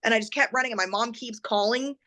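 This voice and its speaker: Woman interview guest, bright and sharp, slightly high, animated storyteller who acts out the voices of the people she quotes. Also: fast. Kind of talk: emotional personal storytelling.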